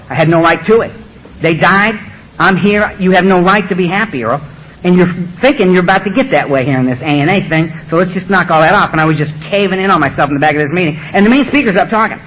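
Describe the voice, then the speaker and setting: Middle-aged man, animated storyteller at a recovery meeting, brisk delivery, faint hiss behind. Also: high-pitched, dull audio. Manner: animated storytelling with acted-out voices. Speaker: AA speaker. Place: meeting room with audience.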